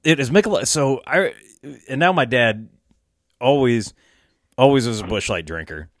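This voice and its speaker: A man's voice: mid-range voice, animated, moderate pace, no echo. Laid-back cursing man, dry sound. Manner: swearing, laughing storyteller. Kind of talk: casual chat.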